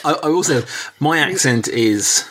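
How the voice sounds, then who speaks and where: A man's voice: a little high, expressive, measured pace, fairly bright tone, a little hiss or hum. A man from England with a mixed British accent, a podcast guest joking in a dry, self-deprecating way. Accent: British, mixed regional. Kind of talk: casual podcast chat.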